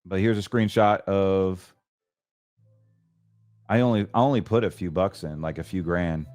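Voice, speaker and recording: Chatty low-voiced man talking markets. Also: measured pace, darkish tone, dry recording. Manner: chatty, emphatic, stumbles and self-corrects. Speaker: financial show host. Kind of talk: casual market commentary.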